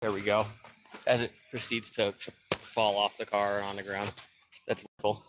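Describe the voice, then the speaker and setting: A man's voice: on the low side, flat delivery, a little slow, a bit bright, slight background noise. A man livestreaming a car repair from his backyard, talking loosely to viewers while winded. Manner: loose, rambling, greets viewers by name. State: out of breath. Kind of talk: casual livestream chat. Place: backyard, outdoors.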